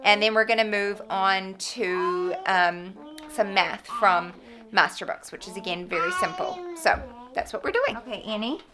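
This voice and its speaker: A woman talks through a casual home vlog at an everyday middle pitch. She is chatty and self-deprecating and laughs often. Steady household noise sits clearly behind her voice. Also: unhurried. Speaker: homeschooling mother and vlogger. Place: busy family home. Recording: noisy home background.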